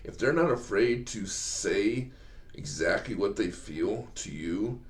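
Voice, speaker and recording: A man's voice: on the low side, lively intonation, takes it slowly, echoey room. A man hosting an advice talk for fathers, earnest and coaching in tone, often restarting his sentences. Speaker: host giving fathers advice.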